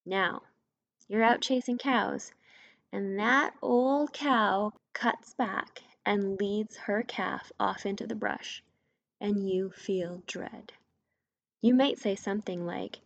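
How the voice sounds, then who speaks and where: A woman's voice: mid-range voice, slow pace, creaky. A woman talks straight to her listeners in a solo podcast, explaining ideas plainly and landing hard on the points that matter. Her voice sits in a middle register. The recording is a little dull and muffled. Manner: direct, conversational, emphatic on key points. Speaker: podcast host, mindset coach. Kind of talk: scripted solo podcast teaching.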